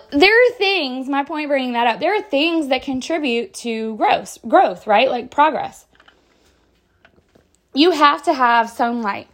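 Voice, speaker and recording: A woman's voice: high voice, expressive, normal speed, fairly bright tone. A young adult woman hosting a motivational podcast, speaking in an upbeat, encouraging and chatty way with many fillers. She is slightly out of breath. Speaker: podcast host.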